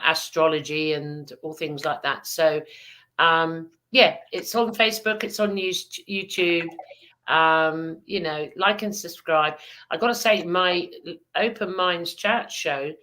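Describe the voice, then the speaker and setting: A woman talks casually as a guest on a video call, hesitant and playful, with lots of "um"s. Her voice sits low but has a bright, sharp edge. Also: unhurried. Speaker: podcast host guest. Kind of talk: casual online conference chat. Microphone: video call mic.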